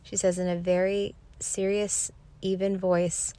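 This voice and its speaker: A woman's voice: on the low side, flat delivery, slow pace, mellow. A woman hosting a podcast, telling a personal spiritual story in an earnest, reflective way. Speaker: podcast host.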